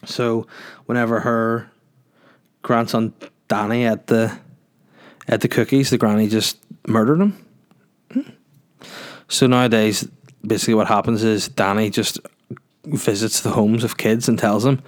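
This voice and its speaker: A man's voice: lowish voice, steady tone, unhurried, pauses often. A man hosting a solo podcast in a rambling, jokey, sweary casual chat. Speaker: podcast host.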